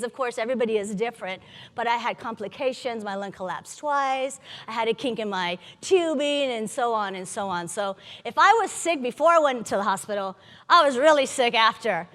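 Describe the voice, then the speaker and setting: Woman, fairly high voice, lively and candid speaker with humor, live talk in a reverberant conference hall. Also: a little fast. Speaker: patient advocate speaker. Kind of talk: personal story told to a live audience.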